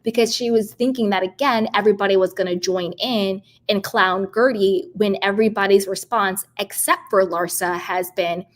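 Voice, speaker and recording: Woman, casual show recapper, fired-up and opinionated, mid-pitched voice. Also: normal speed, few pauses. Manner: animated, indignant, acts out quoted voices. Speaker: reality TV commentator. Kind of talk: casual recap commentary to camera.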